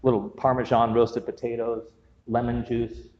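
Humorous pastor in an echoey hall. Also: male voice, mid-range voice, flat delivery, moderate pace, a little hiss or hum. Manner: humorous, conversational preaching with asides. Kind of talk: sermon. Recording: dull, echoey hall sound.

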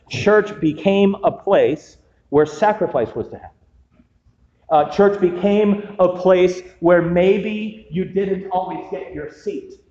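Humorous pastor in an echoey hall. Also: male voice, high-pitched, darkish tone. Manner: humorous, conversational preaching with asides. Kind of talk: sermon. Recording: dull, echoey hall sound.

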